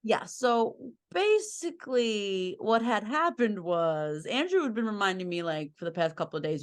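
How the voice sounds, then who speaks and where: A woman's voice: mid-range voice, big pitch swings, moderate pace, hardly any pauses. Rambling, self-mocking woman telling stories. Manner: rambling, laughing storyteller, self-deprecating. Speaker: podcast guest, host's wife. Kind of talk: casual chat.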